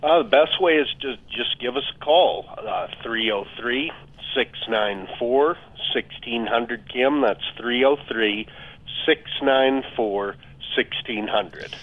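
Man calling in, hesitant, lots of "uh", mid-pitched voice, phone-line sound. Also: slow pace. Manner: hesitant, many fillers like uh and you know. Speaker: financial adviser guest. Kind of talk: talk radio phone-in chat.

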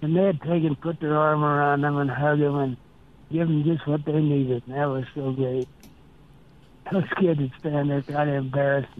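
Heard through a tinny, phone-like line, an elderly Nebraskan interviewee with a steady, somewhat high voice slowly recounts his stories. He earnestly re-enacts old exchanges, quoting what was said.

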